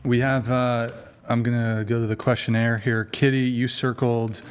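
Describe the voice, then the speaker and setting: A man's voice: mid-range voice, little pitch movement, moderate pace, few pauses, clear, resonant tone. Casting: male host moderating a panel, casual, reads answers off a sheet. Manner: casual, reads aloud from a questionnaire.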